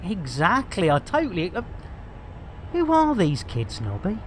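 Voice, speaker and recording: A man's voice: sits high, wildly swooping pitch, unhurried, a little hiss or hum. A man giving comic, theatrical commentary while streaming a game. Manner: jokey, theatrical, stand-up patter.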